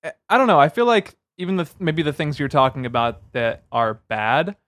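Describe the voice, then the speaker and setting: A man co-hosting a podcast, giving animated, opinionated takes in a casual film review chat with playful asides. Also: fairly high pitch, brisk, no echo, studio quality. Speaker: podcast co-host.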